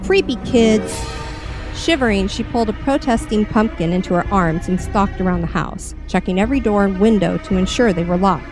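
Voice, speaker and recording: A woman's voice: mid-range voice, music in the background. Woman reading a horror tale. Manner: measured, expressive storytelling. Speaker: story reader. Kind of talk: dramatic horror story reading.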